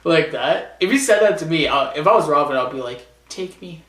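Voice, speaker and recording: Talking fast and with lively intonation, a Canadian man on his vlog chats about how he ranks TV shows, often stammering and restarting. His voice is on the high side and a bit bright. Echo fills the room, and the mic is distant.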